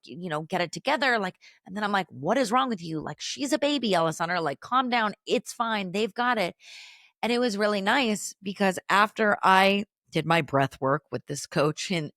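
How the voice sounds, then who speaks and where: Low, dry-voiced woman podcast host. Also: fairly bright tone, dry recording. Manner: candid, chatty, lots of "like". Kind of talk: personal reflective monologue.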